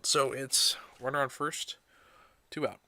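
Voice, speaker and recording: Speaking a little slowly in a mid-range voice, a man livestreams his reactions to a baseball game, excitable at the plays and scolding himself under his breath as he sorts clips. No room sound is present.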